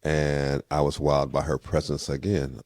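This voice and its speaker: Older man, extremely low voice, dry close sound, lively storyteller, interview guest. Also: unhurried, no room sound. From California. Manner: lively storyteller, acts out quoted dialogue.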